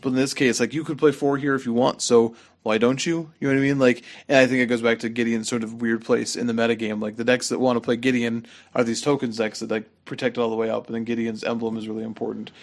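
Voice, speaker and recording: A man's voice: medium pitch, flat delivery, quick pace, hardly any pauses. A man co-hosting a casual game podcast, rambling with many fillers and slightly losing his voice. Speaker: podcast co-host. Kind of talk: casual gaming chat.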